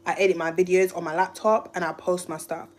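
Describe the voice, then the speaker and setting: A woman's voice: on the low side, little pitch movement, a little fast. A woman from the UK, a YouTuber, telling a rambling, emotional story on a live stream. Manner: emotional, rambling, restarts often. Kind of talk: casual livestream storytelling.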